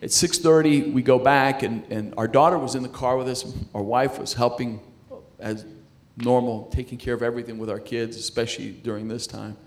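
With a steady, mid-range voice, this middle-aged man recounts his faith testimony conversationally. He trips over his words, repeating them and starting over as he goes.

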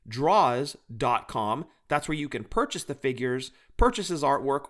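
A man's voice: mid-range voice, a bit bright. A man co-hosting a podcast, chatting casually and doing enthusiastic, joking plugs for other shows. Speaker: podcast co-host.

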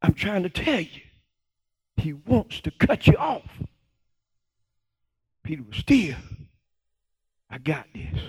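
Husky-voiced preacher man, high and fervent. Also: very animated, slow pace, long pauses. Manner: call-and-response preaching, rising to shouts. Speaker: pastor. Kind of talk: sermon.

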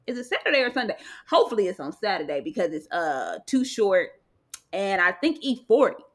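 A woman co-hosting a casual chat, animated and rambling. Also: mid-range voice, a little fast. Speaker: podcast co-host.

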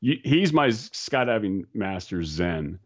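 A man casually telling skydiving stories, animated and swearing, often restarting and mimicking other people. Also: lowish voice, a little slow, highs cut off. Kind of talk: casual storytelling.

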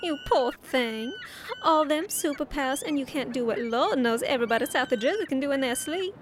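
A honeyed Southern belle, put on by an Irish woman in an audio drama, her drawl high and sweet and her teasing endless. There's a faint hiss under the recording. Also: animated, fairly quick. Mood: sugary teasing.

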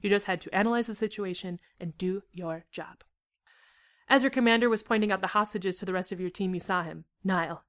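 A young woman reads her own fan fiction aloud at a middling pitch, letting the story carry her voice. She breaks off now and then with giggly asides to her co-host. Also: brisk, a bit bright.

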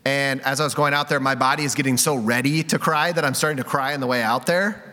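A man's voice: medium pitch, fairly even intonation, fast talker, sharp tone. A man preaching a conversational sermon, candid and self-deprecating, with many casual fillers. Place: church sanctuary. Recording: reverberant hall.

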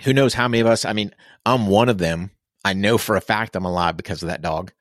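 A blunt, earnest man with a fairly low voice, talking openly as a veteran guest on a podcast. He speaks in a casual, unguarded way. The sound is dry and close, with no room echo. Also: quick pace, a bit bright. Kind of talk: candid podcast conversation.

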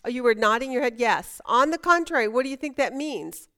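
A woman's voice: fairly high pitch, animated, fairly quick, a bit bright. A woman teaching a Bible study class, chatty and emphatic, asking her students questions.

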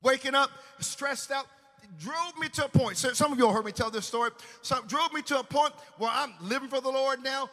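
A man preaching a sermon, telling a personal testimony with emotional storytelling that swings between loud and hushed. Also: very high voice, brisk, in a large hall.

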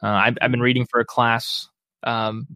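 A man speaks as a guest on a podcast about biblical counseling. He comes across as earnest and reflective, talking in a warm conversational way. His voice sits in an ordinary middle range, and the recording is dry and close. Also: mid-range voice, level tone, normal speed, no room sound. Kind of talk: podcast interview.

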